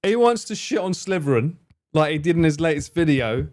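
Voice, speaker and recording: A man's voice: a little high, lively intonation, brisk, a little mellow. A man streaming live, reacting to a video with teasing, joking commentary.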